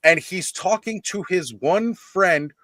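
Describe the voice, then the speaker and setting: Man hosting a live stream, animated storyteller, bright voice, dry close sound, video call. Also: sits high, takes it slowly, no echo. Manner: animated storyteller, laughs while telling. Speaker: host of a toy-collecting live stream. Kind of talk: casual group chat.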